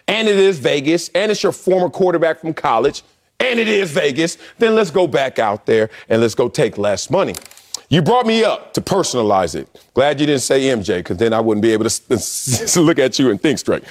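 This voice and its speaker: A former pro football player co-hosting a sports debate show, talking emphatically and playfully. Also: male voice. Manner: emphatic, swooping pitch, playful.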